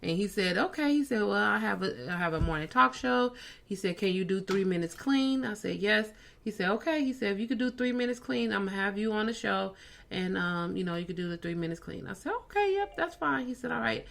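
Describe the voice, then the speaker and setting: A woman's voice: medium pitch, lively intonation, brisk, creaky, a bit bright. A woman comedian and podcast host telling a story in casual chat, acting out the dialogue she quotes.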